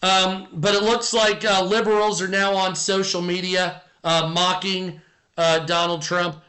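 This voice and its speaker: A man with a high, bright voice hosts a live stream. He rambles in casual chat, fills gaps with ums and uhs, and reads viewer comments aloud as he goes. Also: flat delivery, a little slow.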